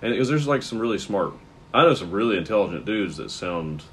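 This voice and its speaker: A man's voice: lowish voice, very animated, a little fast, a bit bright, slight background noise. A man from the American South, a comedian guest chatting casually on a podcast, rambling and searching for words with lots of fillers.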